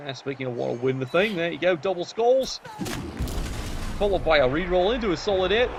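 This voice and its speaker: A man's voice: high voice, lively intonation, fairly quick, background noise. A man giving wry, sarcastic play-by-play commentary on a video game match.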